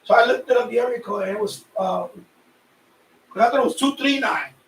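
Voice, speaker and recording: A man from a Puerto Rican family, raised in New York, rambles through a casual radio hobby live stream in a high-pitched, slightly bright voice with a gravelly edge, circling back and repeating himself at normal speed. He's sweaty from the heat and sits a bit away from the mic in a roomy, echoey space with faint background noise.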